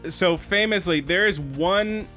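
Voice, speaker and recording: A man co-hosting an anime podcast, telling stories in an animated, swearing, casual way. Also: high-pitched, a little slow, faint music behind. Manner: animated storyteller, swears a lot. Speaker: podcast co-host. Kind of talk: casual chat.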